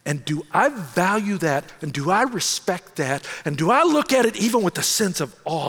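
Lively, gravelly middle-aged pastor preaching. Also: male voice, high voice, moderate pace, few pauses, in a large hall. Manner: storytelling, animated, self-mocking. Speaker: senior pastor. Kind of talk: sermon.

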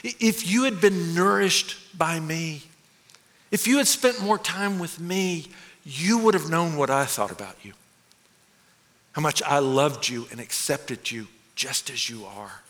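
A man voicing Jesus as gentle and loving, speaking quietly and tenderly. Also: on the high side, unhurried. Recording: echoey hall.

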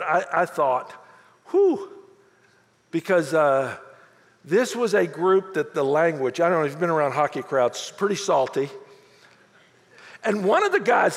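A middle-aged man preaching a sermon as pastor, telling stories with lively quoted voices. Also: fairly high pitch, creaky, big-room sound. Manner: animated storytelling with quoted voices.

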